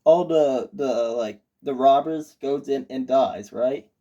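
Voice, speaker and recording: A young man with a mellow voice chats about a movie, hesitant and full of likes and ums. His sound is dull and lo-fi. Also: mid-range voice, slow. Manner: chatty, hesitant, fillers. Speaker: co-host reviewing a movie. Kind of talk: casual review chat.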